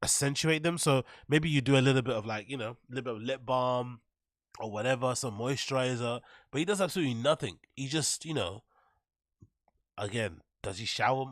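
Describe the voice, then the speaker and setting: A man's voice: medium pitch, a little fast, no echo. Guy ranting about clips, swears a lot, lots of "like, you know", dead dry sound. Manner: profane, mocking rants with filler words. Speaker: host. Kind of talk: commentary on podcast clips.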